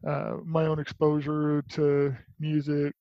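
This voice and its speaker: A man with a somewhat high voice talks in a halting, searching way, restarting and repeating his words. The sound is dry and close, with a dull, lo-fi band. It feels like casual conversation. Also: monotone, dry recording.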